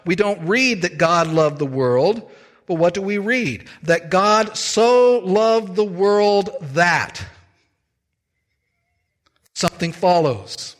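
Male preacher, fairly high voice, unhurried and emphatic, long hall reverb. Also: fairly bright tone. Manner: measured, emphatic preaching with slow stressed phrases. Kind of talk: sermon.

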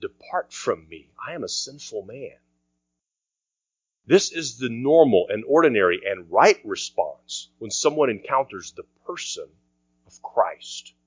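A man preaching a sermon as pastor, earnest, often dropping to a quiet voice for emphasis. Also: medium pitch, slightly rough, dry recording. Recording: dry, dull lo-fi sound.

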